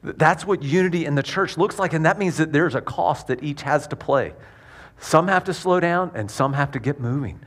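A pastor with a fairly bright, higher-pitched male voice preaches a sermon conversationally. He often repeats his words as he goes and acts out quick quoted voices.

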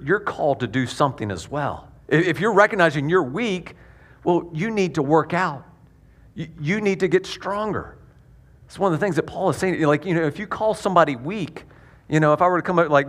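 Male pastor, slightly higher voice, chatty sermon delivery with stumbling repeats. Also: lively intonation, fairly bright tone. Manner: conversational, repeats words, acts out quick quoted voices.

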